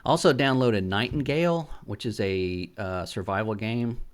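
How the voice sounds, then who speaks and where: A middle-aged man hosting a casual gaming podcast, telling rambling stories with swearing and lots of restarts. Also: fairly low pitch. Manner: rambling, profane storyteller; halting restarts and fillers. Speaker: podcast host.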